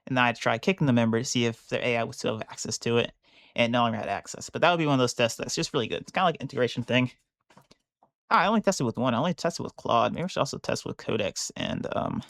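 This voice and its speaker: Man, gravelly voice, dry close mic, casual rambling commentary, thinking aloud. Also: medium pitch, fairly bright tone, no echo. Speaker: bug bounty hunter streaming a live session. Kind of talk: casual live-stream commentary while working. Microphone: close mic on a headset or desk.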